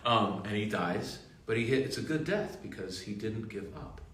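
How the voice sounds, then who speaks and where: A middle-aged man chatting reflectively on a livestream, letting his thoughts trail off softly. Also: lowish voice, lively intonation, moderate pace. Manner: reflective, drifts softer at the ends of thoughts. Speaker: actor signing autographs on a livestream. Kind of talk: casual chat. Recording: roomy, distant livestream sound with faint noise.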